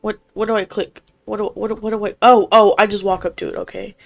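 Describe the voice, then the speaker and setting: A woman's voice: medium pitch, level tone, fast talker, gravelly. A young woman streaming a horror game, chatting casually and reacting in a jumpy, squeamish way. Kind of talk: live gameplay reaction.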